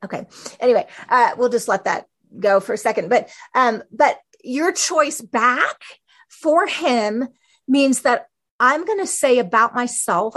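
A woman teaching scripture in a loose, conversational way, full of asides and fillers. Her voice sits fairly high for a woman. She moves from quick remarks to slower, stressed points. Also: animated, a bit bright. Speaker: Bible teacher. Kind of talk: teaching talk on a podcast.

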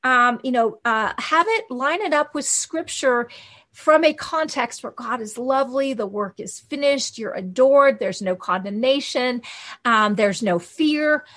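A woman teaching about hearing from God in an informal, animated way, full of fillers and acted-out quotes. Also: high voice, a little slow. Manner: animated, conversational, with many fillers and quoted asides.

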